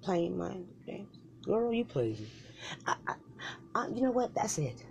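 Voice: mid-range voice, sing-song, a little slow, gravelly, darkish tone, dull audio, slight background noise. A performer in a solo comedy skit voicing both sides of a bickering couple, with slangy, profane banter and mumbled asides. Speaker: comedic podcaster.

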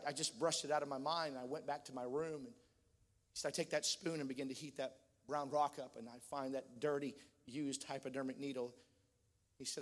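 A man preaching a sermon, retelling a testimony in quotes and building to shouted fervor. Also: a little high. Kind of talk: sermon storytelling. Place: church sanctuary. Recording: long reverb of a church hall.

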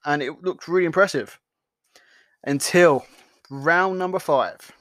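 A man's voice: fairly high pitch, a little slow, fairly bright tone, dry recording. A young man hosting a podcast, talking loosely and swearing a lot, often restarting his sentences. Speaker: podcast host. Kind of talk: casual solo commentary.

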